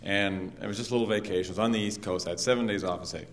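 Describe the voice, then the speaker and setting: A man doing a stand-up comedy routine, telling a travel story with lively delivery and mock foreign accents, while an audience laughs. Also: deep voice, quick pace, vocal fry. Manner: animated storytelling, mock French and Spanish accents. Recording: roomy, distant live recording with noise.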